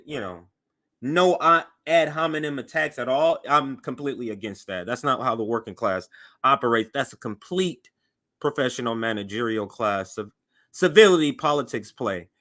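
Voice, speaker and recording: A man hosting a show, giving animated political commentary as he reacts to news clips. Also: medium pitch. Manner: animated and conversational, voice jumps up for emphasis.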